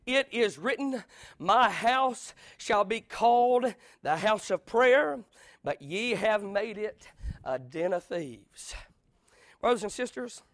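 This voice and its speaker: A man preaching a sermon, telling stories with sudden shouts. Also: sits high, no echo, clean studio sound. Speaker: pastor.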